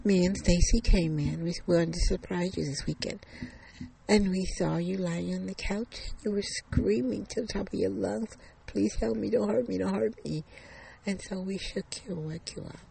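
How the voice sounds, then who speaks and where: A grown daughter, as a storyteller voices her, gently calming her mother down. She talks in a gravelly, middle-pitched voice and explains things plainly. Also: normal speed, a little hiss or hum, poor audio. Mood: soothing. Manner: soothing and explaining.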